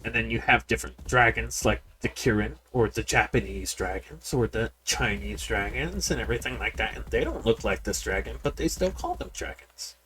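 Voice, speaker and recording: A man's voice: mid-range voice, animated, normal speed, few pauses, a little hiss or hum. A man giving casual, rambling commentary while playing a game, often repeating words and talking straight to his viewers. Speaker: game streamer. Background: people yelling in the background.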